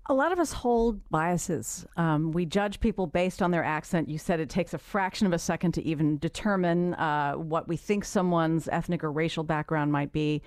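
A middle-aged woman hosting a public radio interview in a measured, conversational way. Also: sits low, a little mellow, no room sound, studio quality. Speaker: radio show host.

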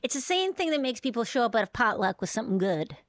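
A woman's voice: a little high, big pitch swings, fast talker, dry recording. A woman comedian from Duluth with a Minnesotan accent, chatting in an interview and slipping into voices as she talks. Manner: mimics voices, soft trailing delivery. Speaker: comedian guest. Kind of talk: casual interview chat.

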